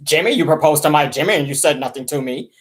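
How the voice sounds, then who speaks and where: A woman mimicking an indignant older mother who has a hard, deep, smoky voice and scolds in an offended tone. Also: fast talker, close to an everyday voice.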